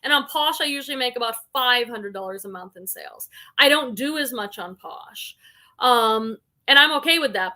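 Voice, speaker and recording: A woman with a high, bright voice and a forceful tone hosts a relaxed live stream. She's chatty, reading out what viewers comment and reacting to each one.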